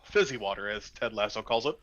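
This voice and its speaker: Southern-raised guy co-hosting a wrestling pod, bright edgy voice, muffled lo-fi mic, chatty, laughs a lot. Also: lowish voice, expressive, fast talker. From American South. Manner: chatty, laughs easily, swears casually. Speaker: podcast co-host. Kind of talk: casual wrestling podcast chat.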